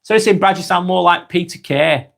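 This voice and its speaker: A man in his forties with an East Lancashire accent, hosting a live stream and reading out viewer comments in a slow, halting way with many ums. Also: high-pitched, creaky, a bit bright. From England. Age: 40s.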